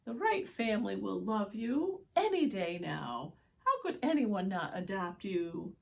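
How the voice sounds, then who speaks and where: A woman voicing a kind young girl who gently reassures a shelter puppy in a storybook read-aloud. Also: medium pitch, big pitch swings, unhurried, creaky. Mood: soothing.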